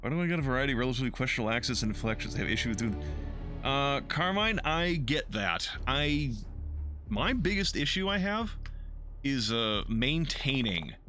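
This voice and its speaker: A man's voice: medium pitch, big pitch swings, normal speed, sharp tone, faint music behind. A man chatting casually while streaming a game, rambling and cursing, answering chat and poking fun at himself. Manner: rambling, profane, self-deprecating, reads and answers chat.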